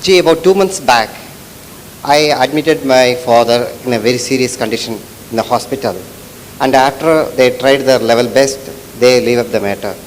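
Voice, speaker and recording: A man in the audience asks his question while emotional and close to tears. He speaks haltingly, restarts often and keeps apologizing. His voice rings with a long hall reverb over a faint background hiss. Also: medium pitch. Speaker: audience member asking a question.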